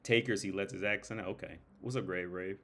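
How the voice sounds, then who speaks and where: A man's voice: sits low, fairly even intonation, fairly quick, a bit bright. An American man in casual livestream chat, rambling and swearing with frequent restarts.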